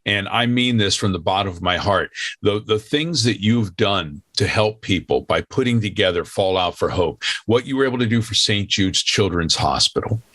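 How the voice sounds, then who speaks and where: A man's voice: fairly low pitch, normal speed, fairly bright tone, dry recording, studio quality. A man hosting a charity stream, talking in a heartfelt, emphatic way. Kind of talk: casual chat.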